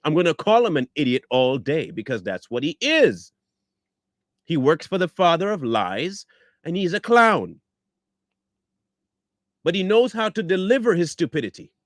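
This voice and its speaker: A man's voice: fairly high pitch, no echo, clean studio sound. A man giving combative reaction commentary, blunt and scornful, firing rhetorical questions and repeating himself for emphasis. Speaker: online commentator.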